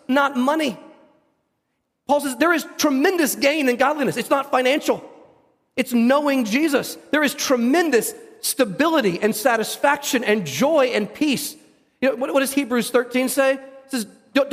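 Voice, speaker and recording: A man preaching a sermon with a high, lifted voice. He talks plainly and conversationally, doubling up words as he pushes a point. The sound rings with the long reverb of a church hall. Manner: conversational preaching, repeats words when building up. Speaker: pastor.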